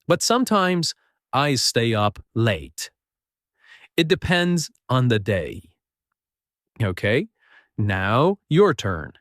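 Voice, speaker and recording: A man teaching an English lesson, speaking slowly and clearly, encouraging learners and repeating phrases. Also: medium pitch, a bit bright, no echo, studio quality.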